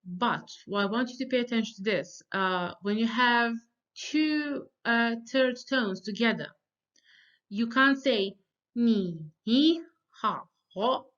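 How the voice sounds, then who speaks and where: Woman teacher, fairly high voice, patient beginner drills, slightly muffled lo-fi recording. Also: a bit bright. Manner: slow, deliberate pronunciation drills with frequent pauses and fillers. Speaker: language teacher. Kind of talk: recorded beginner language lesson.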